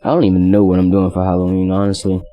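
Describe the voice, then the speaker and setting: A man's voice: low voice, completely flat delivery, quick pace, warm tone. A young man co-hosting a podcast, talking casually in a rambling, joking way with lots of fillers. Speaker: podcast co-host. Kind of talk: casual chat.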